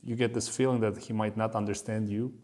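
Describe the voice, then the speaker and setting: Animated Kazakh man on a podcast. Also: lowish voice, brisk. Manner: animated, laughs while telling stories. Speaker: podcast host. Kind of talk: casual chat.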